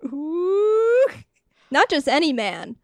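A woman's voice: very high voice, big pitch swings, drawn-out words, no room sound, clean studio sound. A woman co-hosting a podcast, retelling a movie plot in a playful, giggly way. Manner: giggly, playful, acts out quotes. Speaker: podcast co-host.

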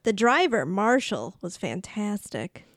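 A woman's voice: mid-range voice, slow pace, no room sound, studio quality. A woman co-hosting a movie podcast, chatting casually and laughing often as she riffs. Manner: giggly, lively, riffing. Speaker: podcast co-host.

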